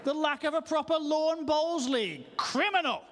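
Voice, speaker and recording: A man's voice: expressive, moderate pace, fairly bright tone. A comedian voicing an indignant posh middle-aged local man who is outraged over trivial things. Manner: shrill, outraged, exaggerated. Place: church hall. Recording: long hall reverb.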